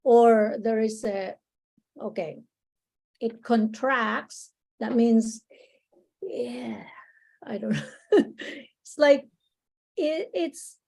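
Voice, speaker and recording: A woman with a slightly high, warm voice tutors English over a video call, heard through a low-quality recording. She patiently explains words slowly, often restarting, and encourages her students during the online lesson.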